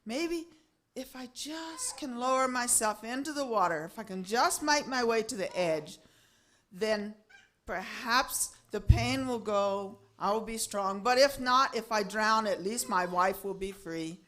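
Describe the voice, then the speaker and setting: A humble, ailing husband from a spoken folk tale, thinking aloud in a wistful voice with a tearful catch, as a woman storyteller puts him on. Sorrowful and quietly hopeful by turns. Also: fairly high pitch, unhurried.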